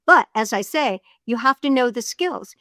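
A middle-aged woman narrator talks in a chatty, storytelling way, laughing easily between points. Her voice sits a bit high. The sound is dry with no room around it. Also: expressive, moderate pace, pushed and bright, no echo. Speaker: voiceover artist and audiobook narrator. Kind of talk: casual interview chat.

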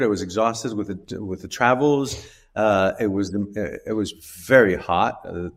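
A middle-aged man, an interview guest, tells a personal story in a halting, emotional way with restarts and small laughs. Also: lowish voice. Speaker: guest telling his story.

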